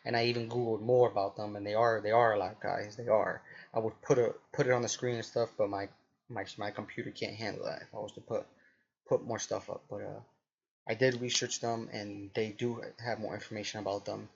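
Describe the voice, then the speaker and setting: Gravelly young man rambling to viewers. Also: lowish voice, flat delivery, highs cut off. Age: 20s. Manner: halting, many restarts and fillers. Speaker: vlogger. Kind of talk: rambling casual monologue to camera.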